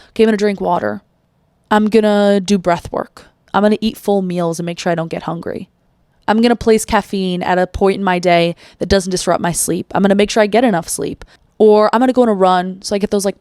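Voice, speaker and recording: Woman podcast host, solo motivational talk. Blunt and profane, lots of rhetorical questions, mid-pitched, dry close-mic sound. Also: a little mellow, no room sound. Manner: blunt, swears freely, asks rhetorical questions; acts out quoted inner voices.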